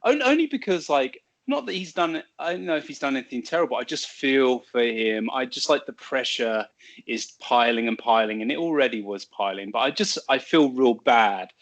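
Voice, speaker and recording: A man co-hosting a casual football podcast, telling stories in a lively way with quick asides. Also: medium pitch. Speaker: podcast co-host.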